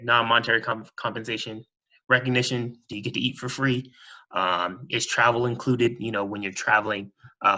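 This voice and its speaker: Mid-pitched man, bright tone, casual slide presenter. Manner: casual, many "um" fillers, explanatory. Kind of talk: presentation over video call.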